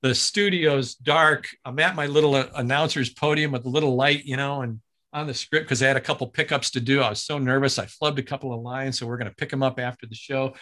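A man who works as a broadcaster, telling a story in an interview in an animated way, with frequent restarts and acted-out quotes. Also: mid-range voice, a little fast.

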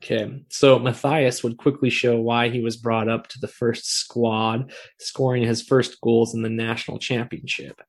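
A man's voice: medium pitch, level tone, measured pace, hardly any pauses. Easygoing man explaining in casual chat. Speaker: podcast co-host.

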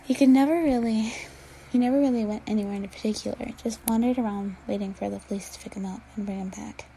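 Woman reading a fanfic out loud, kinda gravelly, mellow low-key tone. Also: steady tone, quick pace, slight background noise, poor audio. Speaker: reader. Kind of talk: reading fan fiction aloud.

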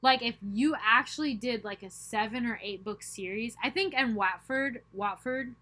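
A young woman co-hosting a book podcast, joking around and cutting in with quick remarks. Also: on the high side, pushed and bright, low-quality recording. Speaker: podcast co-host. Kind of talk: casual chat.

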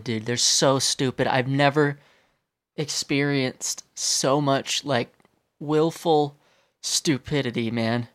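A man hosts a podcast in a profane comedic rant, exasperated and swearing nonstop. His voice sits at an ordinary middle pitch. The sound is dry and close, with no room around it. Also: steady tone, takes it slowly, fairly bright tone, no room sound. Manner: crude, exasperated, swears constantly. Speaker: podcast host.

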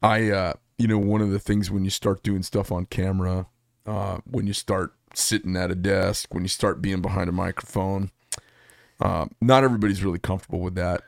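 A man's voice: low voice, steady tone, moderate pace, gravelly, no room sound, clean studio sound. A man hosting an interview, speaking in a casual and blunt way. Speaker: host.

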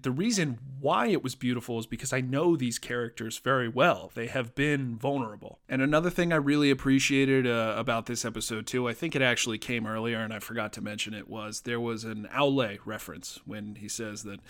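A man's voice: mid-range voice, a bit bright. A man talking casually as a podcast host, reviewing a TV episode as an enthusiastic fan, with fillers and restarts.

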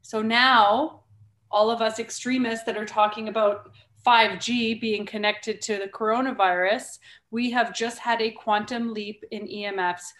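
A woman's voice: a little high, fairly even intonation, a little slow, a bit bright. A woman in her thirties hosting a casual podcast conversation, talking emphatically and firing off rhetorical questions. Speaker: podcast host.

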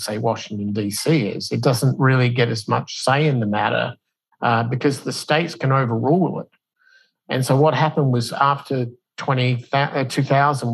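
A man talking casually as an interview guest, spinning a long explanation like a story. He stumbles and restarts now and then, and jumps his voice up high when he acts out what others said. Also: husky, low-quality recording. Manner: animated storyteller who acts out quotes in a raised voice; loose delivery with fillers and restarts.

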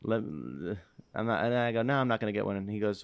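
A man co-hosting a podcast, telling a rambling, animated story in casual chat and swearing freely. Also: on the low side, quick pace, vocal fry, dry recording. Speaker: podcast co-host.

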